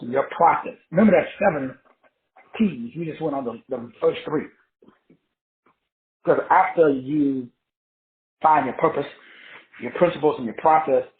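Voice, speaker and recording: A high-voiced man teaches a motivational class, his pitch leaping all over as he preaches with profanity and rhyming riffs. The sound is thin and phone-like, in a room with a lot of echo. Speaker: self-styled teacher called Doc.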